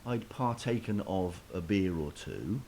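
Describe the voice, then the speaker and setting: A man's voice: low voice, animated, measured pace, mellow. A man casually telling a self-deprecating story in a chat, with lots of restarts, over a faint hiss.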